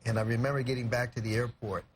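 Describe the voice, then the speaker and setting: A man's voice: medium pitch, little pitch movement, quick pace, slight background noise. A young man from California, a guest in a TV studio, telling an emotional story earnestly and reflectively, with many "you know" fillers. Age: young adult.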